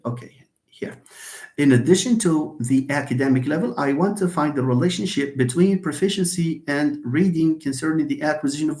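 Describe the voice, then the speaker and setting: A man's voice: a little high, a little mellow. A man, a university linguistics professor giving a live-stream lecture and answering viewers' comments in a hesitant way, with many fillers, restarts and chuckles. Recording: echoey room.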